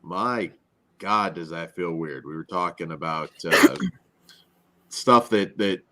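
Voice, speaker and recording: A man hosting a casual movie review podcast, animated and chatty, reading a synopsis and leading the ratings. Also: low voice, slow pace. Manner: animated, reads synopsis, frequent laughs. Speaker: podcast host.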